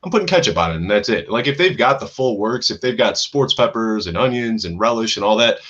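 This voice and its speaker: A man's voice: fairly low pitch, expressive, brisk, fairly bright tone, muffled recording. A man appearing as a guest on a casual sports podcast, voicing his opinions emphatically and defiantly.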